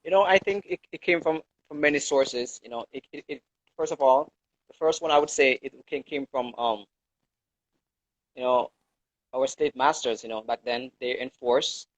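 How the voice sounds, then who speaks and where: A man's voice: mid-range voice, moderate pace, dry recording. A man co-hosting a casual talk show discussion, speaking hesitantly with many fillers. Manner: hesitant, fills with "um" and "you know". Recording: dull lo-fi recording.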